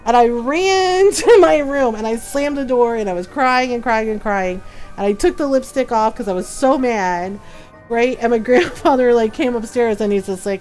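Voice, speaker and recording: A middle-aged woman, a gaming streamer, telling a story in casual chat, animated, laughing often and asking "right?" a lot. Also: fairly high pitch, fairly quick. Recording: faint music behind.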